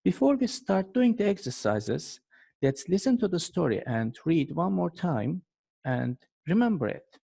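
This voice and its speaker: Man teaching english online, husky dark voice, chatty. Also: a little high, sing-song, measured pace. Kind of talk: online English lesson intro.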